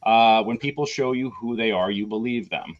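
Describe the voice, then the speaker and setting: A man's voice: on the low side, moderate pace. A man telling a long story in a casual chat, rambling with many fillers and restarts, and blunt with casual swearing. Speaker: host of a tabletop game show; small business owner in theater. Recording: dull lo-fi sound.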